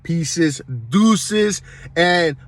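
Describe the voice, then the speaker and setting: A man's voice: high voice, very slow. A man hosting his own video show, delivering a heated, rambling rant full of constant swearing. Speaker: vlogger, show host. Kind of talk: profane comedic rant.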